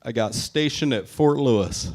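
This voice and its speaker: Forties stand-up comic from Tacoma, foul-mouthed and self-mocking, average pitch, live set. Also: male voice, moderate pace, a little mellow. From Tacoma, Washington, US. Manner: crude, self-mocking, swears a lot. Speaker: stand-up comedian. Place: live show at a brewery.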